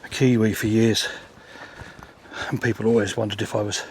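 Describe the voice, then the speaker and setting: A man's voice: on the low side, level tone, moderate pace, a little hiss or hum. A man vlogging outdoors on a countryside hike, chatting casually with dry, self-deprecating asides while slightly out of breath. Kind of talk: casual hiking vlog.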